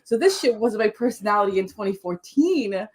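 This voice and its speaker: A woman's voice: mid-range voice, expressive, brisk. A young woman from Chile hosting a casual livestream writing sprint, bubbly and gushing, laughing often.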